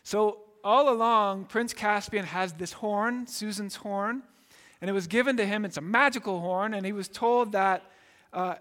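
Guy preaching a sermon, pretty high voice, earnest, keeps saying right?, big echoey hall. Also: a little slow, fairly bright tone. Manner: earnest, often asks "right?" and repeats words while explaining. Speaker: pastor. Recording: long reverb in a large hall.

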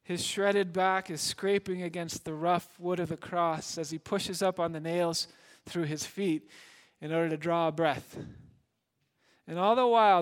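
A man preaching a sermon as a dramatic story, shifting between loud emphasis and hushed moments. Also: on the high side, smooth. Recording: long hall reverb.

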